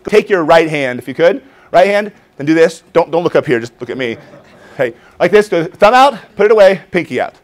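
A man in his forties presents to a hall of teachers with restless, animated energy. His voice sits a little high and leaps up and down, and he slips into his students' voices to make each point. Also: brisk. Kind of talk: lively conference talk with demonstrations. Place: conference hall before an audience.

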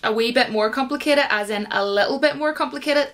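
A young Irish woman with a slightly high voice talks to her viewers in a relaxed, chatty way. She giggles now and then and wanders off on tangents as she explains things. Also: brisk. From Ireland. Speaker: YouTuber. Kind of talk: casual explainer video.

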